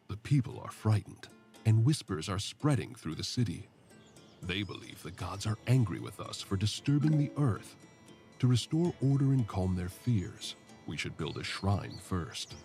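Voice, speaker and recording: An actor playing a devout male Roman city adviser in a video game, speaking in a measured, formal, earnest way. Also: on the low side, expressive, mellow, soft background music.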